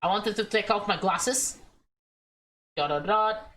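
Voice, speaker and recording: A woman's voice: mid-range voice, a bit bright, poor audio. A young woman reading a visual novel aloud and reacting emotionally as she plays. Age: young adult. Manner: emotional, chatty, slow reading. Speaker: let's play streamer.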